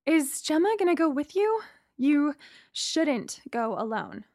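A woman voicing a caring, worried middle-aged mother who speaks warmly and with concern. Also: high voice, big pitch swings, slow pace, no room sound, studio quality, voice pushed up, full character voice. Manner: warm and concerned.

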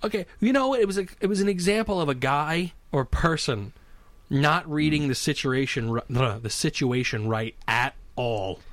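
A man's voice: a little high, normal speed, no room sound. A man telling a story in casual, profane, comedic chat as a podcast co-host. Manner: animated, profane, conversational.

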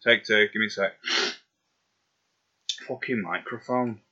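Man, blunt and sweary, tense bright tone, dull lo-fi home mic. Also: fairly low pitch, unhurried, a little hiss or hum. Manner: sweary, self-mocking, blunt. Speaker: voice actor. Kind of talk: casual outtake chatter while recording lines.

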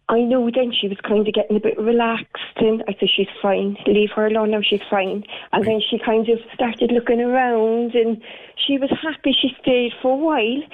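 An Irish woman with a fairly high voice comes through a thin, tinny phone line. She is a florist talking casually on the radio, chatty and rambling with plenty of ums. The call sounds narrow and boxy, like a telephone. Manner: chatty, warm storytelling with many fillers.

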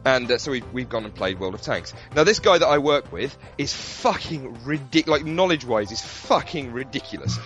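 A man's voice: medium pitch, normal speed, few pauses, faint music behind. A man chatting casually about video games on a podcast, telling stories with lots of swearing and laughter. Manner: animated storytelling with swearing and laughter. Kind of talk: casual gaming chat.

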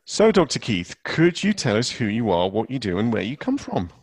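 A man's voice: medium pitch, wildly swooping pitch, normal speed, husky, dry recording. A chatty man hosts a casual podcast chat, tossing in self-deprecating asides. His voice sits mid-range and the recording is dry and close, with little room sound. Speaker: podcast host. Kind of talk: casual conversational interview.

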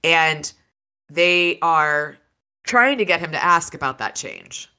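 A woman hosting a casual book club podcast, chatting in a lively way and reading passages aloud between comments. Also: sits low, slow, clear, resonant tone. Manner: lively and chatty, laughs easily.

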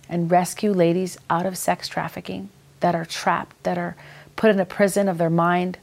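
Her voice on the low side and a little mellow, a Minnesota-accented ministry talk show host preaches with earnest enthusiasm on her faith-based program.

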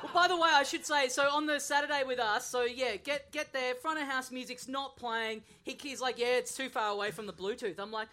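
A man's voice: extremely high pitch, steady tone, a little fast, hardly any pauses, pushed and bright. A man hosting a live comedy podcast, laughing and swearing through an exasperated retelling. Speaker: podcast host. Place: stage at a live show.

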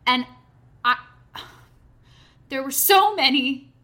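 A young woman tells a story in casual chat, her voice bright and crisp. She acts out the other people's lines with lively swings and swears freely. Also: high voice, takes it slowly.

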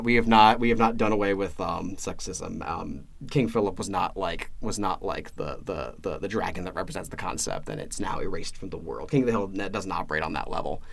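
A man co-hosting a podcast in casual chat, his voice sitting fairly low. He talks in halting bursts, restarting and repeating words, and laughs as he retells scenes. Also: creaky. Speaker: podcast co-host.

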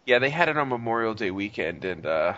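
Animated, swearing male podcast co-host. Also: lowish voice, a little fast, dull audio, a little hiss or hum. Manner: animated, profane, rambling. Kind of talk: casual chat.

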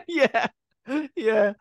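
A man's voice: extremely high pitch, lively intonation, extremely slow, no room sound. A man co-hosting a podcast, chatting casually about a film and acting out quoted lines in silly voices. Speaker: podcast co-host.

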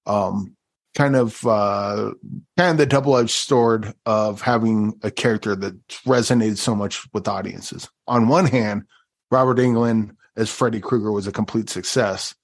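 A man's voice: lowish voice, fairly even intonation, a little slow. A man co-hosting a podcast and talking casually, loose and conversational, with lots of ums and you-knows. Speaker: podcast co-host and interviewer.

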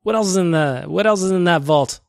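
A man's voice: high-pitched, a little fast, vocal fry, no echo, clean studio sound. A young male podcast host chatting casually and enthusiastically, with self-deprecating humor.

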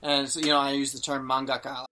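A man's voice: mid-range voice, fast, over music. A young man chatting casually on a podcast, telling a travel story with lots of fillers and acted-out quotes. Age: young adult. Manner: animated, acts out quotes, many fillers. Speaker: podcast host.

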